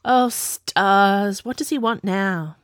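A woman voicing a bold, self-assured young princess who talks briskly, recorded on a close mic. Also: medium pitch, a bit bright, no echo. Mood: sharp. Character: bold, bossy young princess, spirited and teasing.

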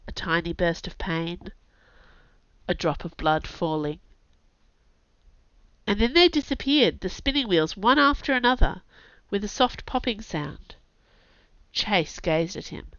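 A woman, an author and podcast host, narrating a story aloud in a lively, expressive way, on a dull lo-fi recording. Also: mid-range voice, a little slow, long pauses, clean tone, no room sound. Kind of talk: scripted audiobook narration. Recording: dull lo-fi sound.

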